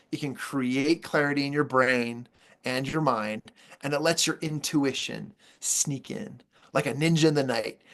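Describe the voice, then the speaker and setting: A man giving a motivational workshop training, upbeat and playful, with jokes and emphatic repetition. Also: a little high.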